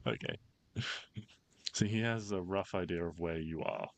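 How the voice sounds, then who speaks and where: Deep-voiced man running a tabletop game. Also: measured pace, fairly bright tone. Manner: easygoing, loose narration with fillers. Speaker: game master.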